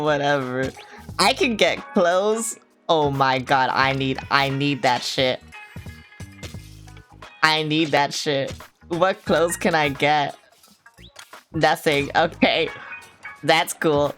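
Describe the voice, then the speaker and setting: Low-voiced young woman streamer rambling over music. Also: a bit bright. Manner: rambling, swears a lot, dramatic reactions. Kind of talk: casual gaming livestream chat.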